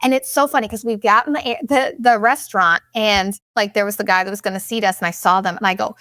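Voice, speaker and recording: A young woman hosting a podcast, telling a vacation story in a blunt, profane, animated way and acting out what people said. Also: medium pitch, fast, no echo, clean studio sound. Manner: blunt and profane, animated retelling with quoted asides. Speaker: podcast host. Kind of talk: casual storytelling monologue.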